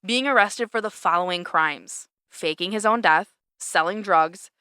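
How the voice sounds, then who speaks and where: Young woman podcast co-host, bright and clear, dry close mic, relaxed and loose. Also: mid-range voice, unhurried, dry recording. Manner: laid-back, swears casually, laughs often. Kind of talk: casual chat.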